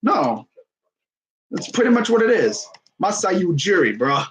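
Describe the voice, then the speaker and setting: A young man casually commenting on a live sports stream, excitable and rambling. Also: sits high, a little slow, long pauses, poor audio. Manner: excitable, rambling, laughs often.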